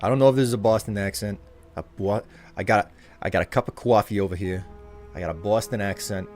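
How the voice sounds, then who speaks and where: A man's voice: sits low, very animated, normal speed, husky, faint music behind, full character voice. A British man putting on a tough-talking Boston working man, with a broad, stereotypical accent. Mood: swaggering. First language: British English speaker faking the accent. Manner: exaggerated stereotypical accent put-on.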